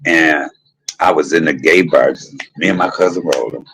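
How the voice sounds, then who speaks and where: A man hosting his own show, telling a personal story in an animated, profane way and talking straight to his listeners. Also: very deep voice, moderate pace, vocal fry, background noise. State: emotional, tearful at times. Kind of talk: candid storytelling monologue.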